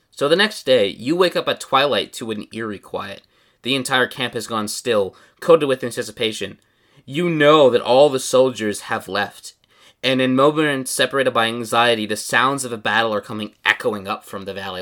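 A man's voice: mid-range voice, moderate pace, a bit bright. A man narrating as game master in a tabletop game, describing scenes in a loose, rambling way.

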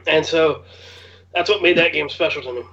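A man's voice: on the high side, moderate pace, sharp tone. A young man chatting casually on a podcast, laughing and hiccuping through pepper heat. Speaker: podcast co-host. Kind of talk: casual chat. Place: home bedroom. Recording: dull lo-fi sound with faint noise.

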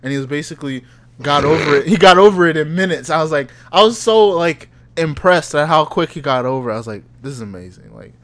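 Young male podcast host, casual storyteller, animated and laugh-prone. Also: a little high, fast talker. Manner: animated, acts out voices in anecdotes, laughs often.

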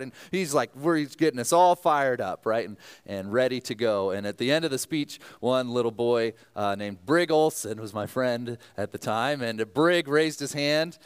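A male pastor in his thirties preaching with a smooth, resonant voice at a mid pitch. He prays quietly and earnestly, then tells stories in an animated way, with the odd "uh" along the way. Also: moderate pace, hardly any pauses. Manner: earnest prayer, then animated storytelling with fillers. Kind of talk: sermon.

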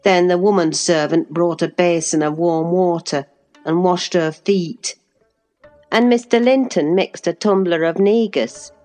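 A woman's voice: lowish voice, darkish tone. Woman narrating a classic novel. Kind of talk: audiobook narration.

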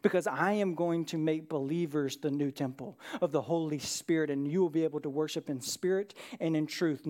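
A male pastor preaches in a relaxed, conversational way, often checking in with the room. His delivery moves from lively, quick stretches to hushed, slow ones. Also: fairly high pitch. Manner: conversational, with frequent "right?" asides. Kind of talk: sermon.

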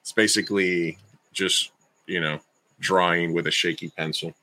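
Low, bright-voiced man hosting a chat. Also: steady tone, moderate pace. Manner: rambling, self-correcting. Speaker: podcast host. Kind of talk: casual chat.

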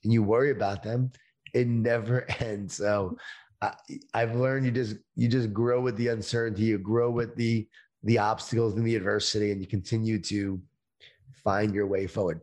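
A middle-aged man speaking as an interview guest, talking about leadership in a slow, emphatic motivational way over a video call. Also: lowish voice, fairly even intonation, a little mellow.

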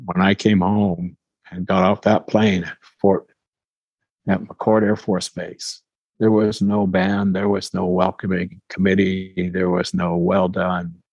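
A low-voiced older man in his seventies speaks with a husky grain, reflecting slowly and carefully on his experiences as an interview guest. The sound is dry and close, with no room around it. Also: little pitch movement, darkish tone, no echo, muffled recording. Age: 70s. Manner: measured, thoughtful, with small restarts.

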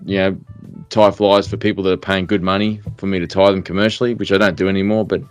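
A deep, low-pitched man in his middle years, talking fishing on a podcast. His speech rambles through fillers and restarts, but he is blunt and direct. The recording is dry and close, with faint music underneath. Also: little pitch movement, quick pace, smooth, dry recording. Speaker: podcast co-host. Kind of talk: casual chat.

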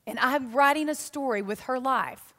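A woman preaching voices a gentle, patient Lord, speaking low and hushed. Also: moderate pace. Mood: tender. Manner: hushed and calm. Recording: long reverb of a large hall.

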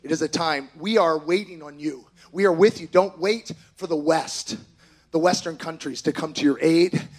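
A middle-aged man preaches with rising fervor, his voice sitting high for a man. He drives his points hard and at times breaks into shouted exhortation. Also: normal speed. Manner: impassioned, shouts exhortations in a second language. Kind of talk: sermon.

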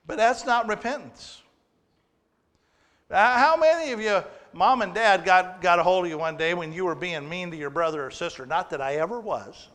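A man's voice: high-pitched, lively intonation, fairly quick, few pauses, a bit bright. A man preaching a sermon to a congregation, teaching plainly, asking the crowd questions and joking with them. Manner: teaching with humor and audience questions. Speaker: pastor. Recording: long hall reverb.

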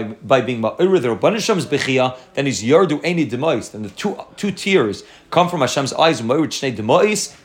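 A man leads a Torah class at a quick clip, his voice sitting at an ordinary middle pitch. He explains in long running chains of thought, restarting phrases and weaving Hebrew terms into his English. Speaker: Torah teacher.

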